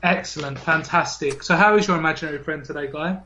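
A man's voice: a little high, fast, bright, forceful tone, dull audio, a little hiss or hum. A man hosting a comedy gaming podcast in a teasing, mock-formal way, often laughing. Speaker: podcast host.

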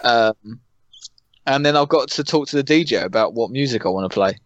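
A young man co-hosting a podcast, chatting casually in a flat, monotone way. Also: medium pitch, a little fast, dry recording, highs cut off. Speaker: podcast co-host. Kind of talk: casual chat.

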